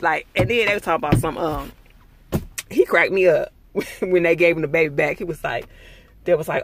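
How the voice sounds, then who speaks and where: A man's voice: a little high, normal speed, a bit bright, slight background noise. A young man ranting through a casual TV episode review, heated and full of profanity. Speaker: TV show reviewer.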